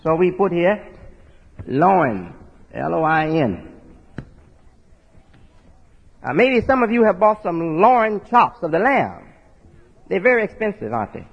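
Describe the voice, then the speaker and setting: High husky man preaching in a reverberant hall. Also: very animated, unhurried. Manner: folksy, rhetorical asides ending with "right?"; spells out words letter by letter. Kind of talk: sermon-style teaching with a board. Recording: dull lo-fi audio with long hall reverb.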